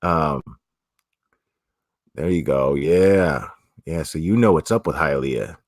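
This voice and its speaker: A streamer from South Florida with an extremely low-pitched voice speaks slowly in his South Florida accent. Chatting casually on a livestream, he rambles and swears while answering comments, restarting many times. The recording is dry and studio clean.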